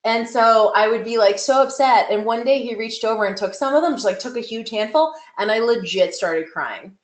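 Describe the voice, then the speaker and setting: A woman coaching on nutrition in a webinar, talking in an emphatic, conversational way. Her voice sits a bit high. It sounds like she is in an echoey room. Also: normal speed. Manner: conversational, emphatic, frequent "like" fillers. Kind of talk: webinar teaching talk.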